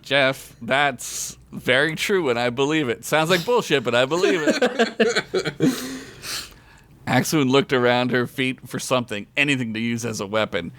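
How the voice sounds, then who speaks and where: A man's voice: medium pitch, animated, measured pace, fairly bright tone. A man reading his own comedic story aloud on a podcast, with crude, self-mocking asides and frequent laughter. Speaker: podcast co-host telling a story. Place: podcast recording.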